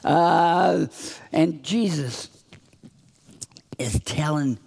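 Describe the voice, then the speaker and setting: A man's voice: fairly high pitch, extremely slow, creaky, a little mellow, slightly rough. A man giving a children's sermon in a church, telling a story with acted-out voices. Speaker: children's minister. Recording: reverberant hall.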